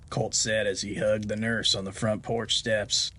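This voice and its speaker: A man's voice: on the low side, level tone, a little slow, hardly any pauses, sharp tone, husky. A man hosting a podcast of Western horror tales, narrating a story in a folksy, homespun way.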